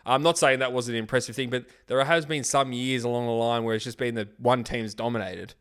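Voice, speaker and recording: A man's voice: mid-range voice, fairly even intonation, a little fast, fairly bright tone, smooth. A man with an Australian accent co-hosting a podcast in casual chat, chatty and upbeat. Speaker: podcast co-host.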